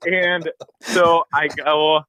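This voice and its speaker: A man and podcast co-host telling a hunting story in a casual, animated way, acting out his own shouts and the texts he got. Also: on the high side, drawn-out words, slight background noise, rough recording.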